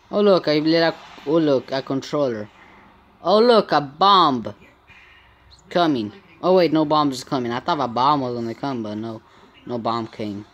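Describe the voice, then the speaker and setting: Excitable man narrating his gameplay. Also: mid-range voice, a little hiss or hum. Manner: excitable, frequent startled exclamations. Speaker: gaming channel host. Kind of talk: live gameplay commentary.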